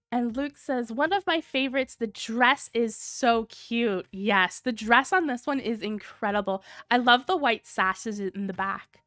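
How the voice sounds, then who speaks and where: Gushing woman with a cold, lively pitch. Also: dry recording, studio quality. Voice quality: low sultry tone. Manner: gushing, reads viewer comments aloud. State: sick with a cold, coughing. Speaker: livestream host. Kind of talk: casual livestream chat.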